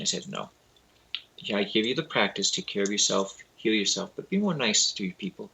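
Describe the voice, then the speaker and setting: Here the spiritual teacher under interview has a lowish, gravelly, husky voice and talks briskly. Casual and loose with grammar, he spins lively tales and performs the lines of those he quotes, all on a rough recording.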